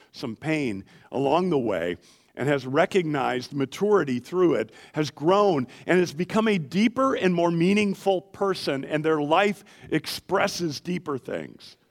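A middle-aged man preaching a sermon in a church, animated and asking the congregation questions as he goes. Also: medium pitch. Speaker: pastor.

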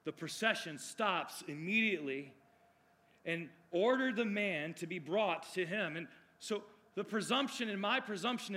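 A man preaching a sermon, moving between loud declarations and hushed, drawn-out phrases. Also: high voice.

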